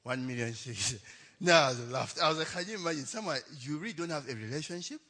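Young adult male pastor, lively pitch, higher voice, chatty storyteller. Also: fast talker. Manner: chatty, laughing, tags lines with "eh?". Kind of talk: storytelling sermon.

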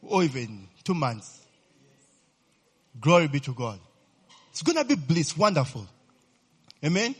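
A lively, husky-voiced man preaching. His pitch leaps around as he quizzes the congregation and keeps prodding them with questions, sitting a little higher than most men. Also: a little slow, pauses often. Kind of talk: sermon.

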